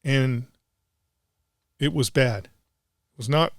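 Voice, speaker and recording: A man's voice: medium pitch, very slow, no room sound, clean studio sound. A middle-aged man, a combat veteran guest, telling a war story in blunt, profane casual talk.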